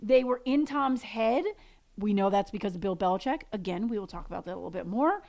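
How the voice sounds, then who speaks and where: A woman's voice: medium pitch, lively intonation, a little fast, creaky, a little mellow. A woman co-hosting a casual sports podcast, chatty with frequent fillers. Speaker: podcast co-host.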